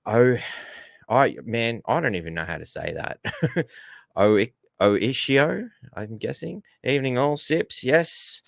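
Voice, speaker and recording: A man's voice: medium pitch, very animated, takes it slowly, creaky, dry recording, clean studio sound. A man with an Australian accent hosting a casual livestream, rambling and greeting viewers in the chat. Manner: rambling, reads out viewer comments, says g'day and mate. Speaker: livestream host.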